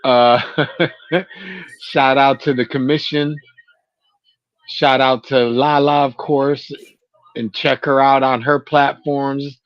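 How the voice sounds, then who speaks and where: A man co-hosting a casual sports podcast, easygoing and low-key. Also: flat delivery, slow, long pauses, dry recording, lo-fi sound. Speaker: podcast co-host.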